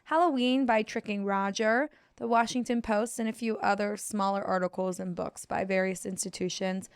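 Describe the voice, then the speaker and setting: A young woman, co-hosting a podcast with quick, playful remarks in casual chat. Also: medium pitch, steady tone, smooth, no echo, studio quality. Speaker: podcast co-host.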